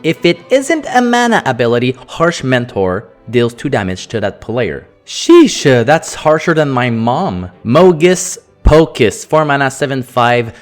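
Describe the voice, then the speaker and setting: A French-born man hosting a card review, sarcastic and jokey, rattling off card text quickly. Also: medium pitch, big pitch swings, soft background music. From France. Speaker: host.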